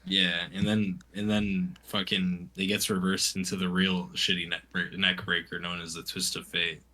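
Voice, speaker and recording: Very deep-voiced sarcastic man. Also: level tone, normal speed, sharp tone. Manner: wry, sarcastic, swears casually. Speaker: podcast co-host. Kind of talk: casual wrestling recap chat.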